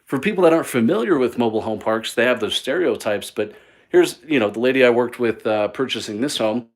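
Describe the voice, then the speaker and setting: Man, mid pitch, casual live walk-through host, chatty and rambling, phone mic indoors. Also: animated, fairly quick. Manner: upbeat, rambling, many fillers and restarts. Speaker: mobile home flipper hosting a live stream. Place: indoors in a small mobile home.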